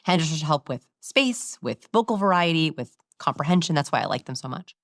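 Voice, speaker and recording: Woman guest talking body language, lowish voice, dry close mic, animated explainer. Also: fairly quick, dry recording. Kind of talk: interview.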